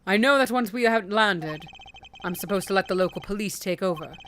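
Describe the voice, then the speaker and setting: Composed male prosecutor, read by a woman streamer, measured and thoughtful. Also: mid-range voice, a bit bright, slight background noise, natural voice. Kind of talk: reading game dialogue aloud on a stream.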